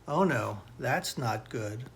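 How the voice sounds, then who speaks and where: A man's voice: mid-range voice, animated, gravelly, slight background noise. A grandfather reading as a jumpy noodle boy. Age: older. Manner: plain, unhurried read-aloud voice. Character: jumpy yellow noodle boy, claims no fear.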